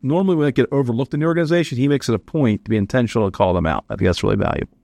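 A man's voice: mid-range voice, rapid-fire, vocal fry, a little mellow, dry recording. A man co-hosting a podcast, reflecting on and summing up what he heard. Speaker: podcast co-host. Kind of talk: casual podcast chat.

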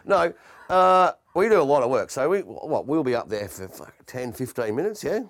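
A man's voice: mid-range voice, normal speed. A man co-hosting a podcast, bantering and joking with his co-host and laughing often. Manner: joking, laughs often, lively sing-song delivery. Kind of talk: casual comedic banter.

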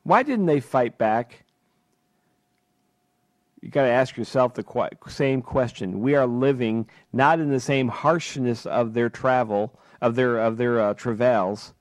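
A man's voice: mid-range voice, steady tone, unhurried, hardly any pauses, no room sound. A man hosting a talk radio show, delivering an impassioned political monologue full of rhetorical questions from a studio microphone.

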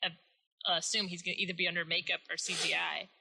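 A woman's voice: on the low side, flat delivery, fast, creaky, sharp tone, breathy edge, rough recording. A young woman in casual movie chat, explaining details with fillers.

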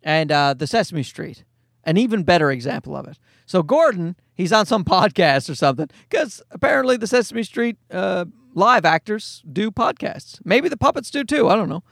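A man telling a comedic rant with a profane, exasperated, animated delivery. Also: high voice, moderate pace, gravelly, no room sound, clean studio sound. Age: adult parent.

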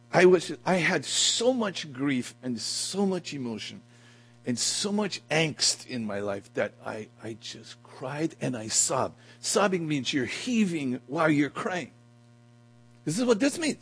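A man delivers a sermon with a gravelly, husky voice. His pitch moves a great deal as he shifts from hushed storytelling to sudden loud cries. He preaches to a group of men gathered for breakfast in a church hall. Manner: dramatic, swings from quiet talk to loud cries.

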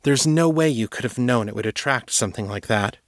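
A man reading aloud and voicing a calm, firm young woman telepath who explains and reassures steadily. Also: mid-range voice, brisk, no room sound, clean studio sound, natural voice. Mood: reassuring.

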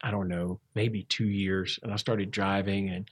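A man's voice: low-pitched, flat delivery, breathy edge. Man sharing a reflective recovery story. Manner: conversational, halting, with frequent restarts and fillers. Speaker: interview guest.

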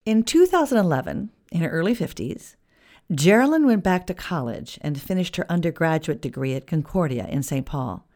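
A woman reads a scripted podcast narration and then asks a question. Her pitch sits a little low but moves around a lot. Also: big pitch swings, moderate pace, darkish tone.

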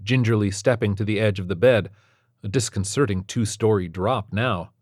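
Man with a low voice narrating a story. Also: moderate pace, darkish tone, dry recording, clean studio sound. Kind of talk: scripted narration.

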